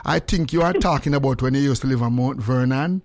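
A man with a Jamaican accent, co-hosting a casual couple's chat and telling stories with lively asides to the listeners. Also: medium pitch, brisk. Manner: animated storyteller, addresses listeners as ladies and gentlemen. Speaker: podcast co-host.

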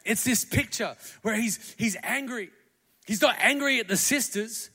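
A man's voice: very high voice, measured pace, slightly rough. Impassioned male preacher in a reverberant hall. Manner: impassioned, builds to shouting crescendos. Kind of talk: sermon. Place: church hall.

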